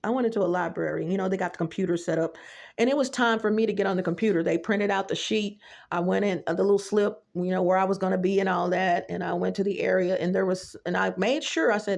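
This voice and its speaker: A woman's voice: medium pitch, vocal fry, darkish tone. A middle-aged woman giving blunt, profane reaction commentary on a vlog, telling stories straight to her viewers. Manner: blunt, profane, storytelling, addresses viewers directly. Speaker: YouTube commentator.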